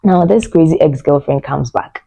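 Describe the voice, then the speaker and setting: A woman's voice: low-pitched, normal speed, creaky, warm tone, husky, no room sound, muffled recording. A woman giving a casual movie review, retelling scenes emotionally with lots of fillers.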